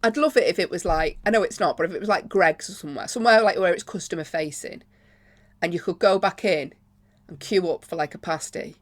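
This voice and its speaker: A woman's voice: fairly low pitch, a little fast. A woman co-hosting a podcast, asking teasing follow-up questions in casual chat. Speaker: podcast co-host.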